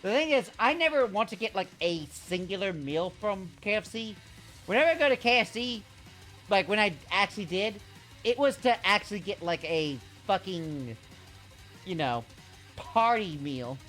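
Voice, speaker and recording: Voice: mid-range voice, animated, moderate pace, a bit bright, faint music behind. A streamer chatting casually between game scenes, rambling and swearing as they go. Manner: rambling, swearing, self-interrupting.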